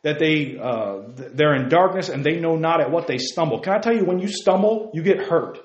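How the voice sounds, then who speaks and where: A man preaching a sermon to a youth group, fervent and emphatic, repeating his key phrases and talking fast. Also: fairly high pitch, lively intonation, roomy sound. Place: meeting room.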